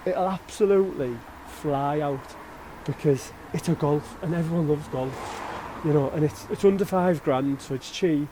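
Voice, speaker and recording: A man's voice: on the high side, normal speed, noisy background. A man in his forties, a car dealer chatting to camera and giving friendly advice. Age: 40s. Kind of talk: casual presenting to camera.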